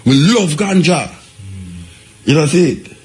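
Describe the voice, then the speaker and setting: An older man with a Jamaican accent, speaking at a fairly high pitch and a measured pace, tells his life story in casual patois. His delivery is animated and repetitive.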